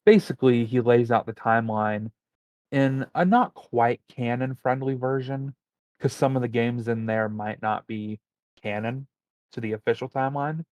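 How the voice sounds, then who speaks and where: A man's voice: medium pitch, moderate pace, darkish tone, no echo, highs cut off. A man co-hosting a podcast, talking casually and rambling as he looks things up mid-conversation. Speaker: podcast co-host. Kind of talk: casual chat.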